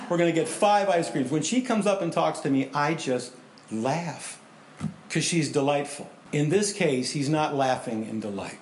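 A male pastor preaching a sermon, animated storytelling that swings between loud and hushed. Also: fairly high pitch, normal speed, echoey room, slight background noise.

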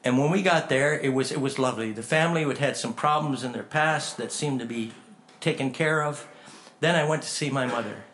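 A man preaching a sermon in a folksy, animated storytelling way, acting out conversations as he tells them. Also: mid-range voice, brisk, slight background noise. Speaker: pastor.

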